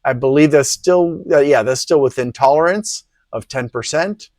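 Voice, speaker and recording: A man's voice: fairly high pitch, moderate pace, a little mellow, no room sound. A man hosting a PC hardware review channel, talking casually with rambling, sarcastic asides. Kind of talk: casual product review talk.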